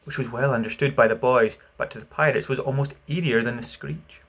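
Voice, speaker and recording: A man reading a children's classic aloud as an audiobook, telling the story expressively and dropping quiet for narration. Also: mid-range voice, fairly even intonation, a little fast.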